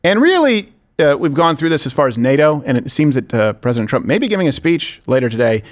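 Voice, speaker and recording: A man's voice: on the high side, sing-song, fast talker. A man hosting a political commentary show, talking emphatically and sarcastically, repeating his points for effect. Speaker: show host.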